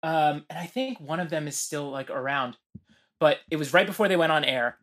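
A man's voice: on the high side, expressive, normal speed, fairly bright tone. A man guesting on a podcast, chatting loosely with lots of fillers, restarts and laughs. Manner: rambling, many fillers and restarts, laughs often. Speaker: guest musician. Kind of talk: casual podcast chat.

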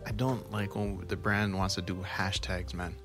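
A young man co-hosting a podcast, talking in a relaxed, slangy way and acting out quotes. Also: low-pitched, normal speed, over music. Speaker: podcast co-host. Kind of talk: casual chat.

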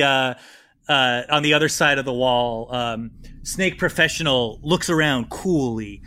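A man's voice: medium pitch, measured pace, sharp tone. A man narrating as game master of a tabletop role-playing game, loose and playful, often laughing.

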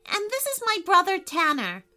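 A woman voicing an excited, curious young girl in a children's story. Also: very high-pitched, moderate pace, voice pushed up, exaggerated voice.

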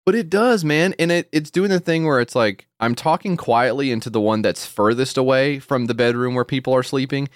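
A man co-hosting a podcast, chatting casually and profanely and jumping into high mock voices. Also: dry recording, clean studio sound. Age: adult with a wife and kid. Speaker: podcast co-host. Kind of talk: casual comedic chat.

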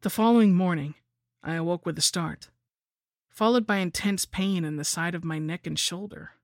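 Male horror narrator, slightly higher voice with gravel, dry close sound, wry first-person read. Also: moderate pace, no echo. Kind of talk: scripted horror story narration.

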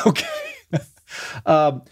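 A man's voice: very slow, no echo, studio quality. A man co-hosting an advice podcast, reading listener questions and answering in a rambling, self-deprecating way with frequent laughter. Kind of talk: casual chat.

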